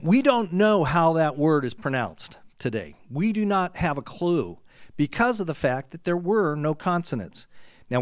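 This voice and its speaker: A man preaching a sermon, shifting from relaxed, conversational teaching to a rising, shouted climax. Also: a little high, no room sound, clean studio sound.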